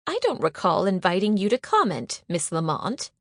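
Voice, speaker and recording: A woman voicing a strict female English teacher who speaks crisply and reprovingly in an audiobook. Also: mid-range voice, sing-song, normal speed, fairly bright tone, no echo, studio quality. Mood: stern. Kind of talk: audiobook character voice.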